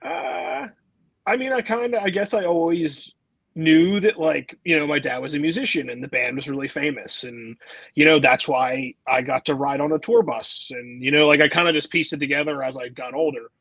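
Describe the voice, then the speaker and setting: A male musician guest with a fairly high voice that is gravelly and husky. He answers in a relaxed, hesitant way, leaning on fillers, and the recording sounds dry and close. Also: normal speed, no echo, low-quality recording. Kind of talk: casual interview answers.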